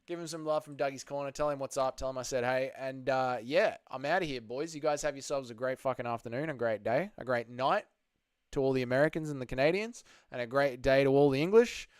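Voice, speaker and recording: Guy hosting a livestream, smooth clear voice, loose and sweary, dry close sound. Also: mid-range voice, fairly quick, no room sound. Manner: loose, profane, chatty with viewers. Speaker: livestream host. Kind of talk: casual livestream chat.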